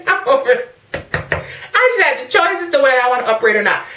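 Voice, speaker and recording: Sassy, animated woman ranting in an echoey room. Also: sits high, far from the mic, a little hiss or hum. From Caribbean. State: pregnant. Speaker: vlogger. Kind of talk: casual rant to camera. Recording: echoey, from off the mic.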